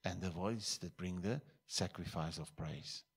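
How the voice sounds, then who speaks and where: Pastor guy preaching in church, lowish voice, gets loud then drops quiet, from south africa. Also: a little slow, creaky, husky. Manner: emphatic, swings between loud bursts and quiet asides. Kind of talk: sermon.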